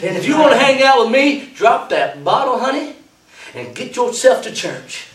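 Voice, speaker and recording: High-voiced preacher shouting praise. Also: male voice, sing-song, normal speed, background noise. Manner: exclaiming, laughing, shouting bursts. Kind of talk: revival sermon. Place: church sanctuary. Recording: roomy echo from far off. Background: congregation calling out.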